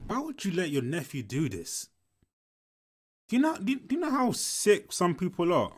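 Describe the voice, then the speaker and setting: A man's voice: sits high, wildly swooping pitch, moderate pace, husky, faint music behind. A young man, telling a school story casually while commenting on a film, swearing often and repeating himself. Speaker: movie reaction commentator.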